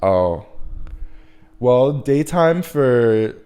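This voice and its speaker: A man's voice: medium pitch, animated, very slow, dark tone, clear, resonant tone. A man in his twenties from New York, a guest artist chatting casually and meandering, full of "like" and restarts. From New York, USA. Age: 20s. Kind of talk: casual interview chat.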